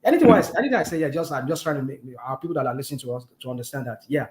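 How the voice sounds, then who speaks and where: A man's voice: medium pitch, big pitch swings, racing, over a noisy crowd. A Nigerian man hosting a casual chat, explaining earnestly with many fillers. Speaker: host.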